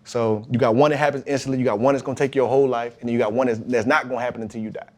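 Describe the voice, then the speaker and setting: A man, a pro football player, talking as a podcast guest, telling his story about faith and football in a lively, emphatic way. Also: mid-range voice, very fast. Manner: emphatic, animated retelling with acted-out quotes.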